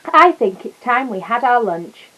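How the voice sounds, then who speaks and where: A woman reading a kindly older gentleman. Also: a little high, sing-song, measured pace, highs cut off.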